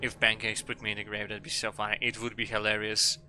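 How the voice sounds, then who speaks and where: A man's voice: lowish voice, completely flat delivery, fast, bright, forceful tone, no room sound, faint music behind. A man streaming a game, reading its dialogue aloud and joking crudely, rambling with lots of fillers.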